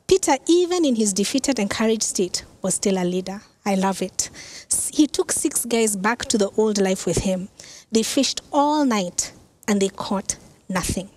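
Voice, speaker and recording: A woman pastor preaching a sermon who tells the story in a lively, conversational way with casual asides. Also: medium pitch, normal speed. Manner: animated storytelling, acts out quoted lines.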